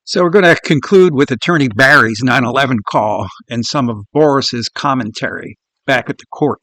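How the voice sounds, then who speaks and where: A man's voice: medium pitch, moderate pace, fairly bright tone, dry recording. A male show host giving scornful, blunt commentary on a video clip.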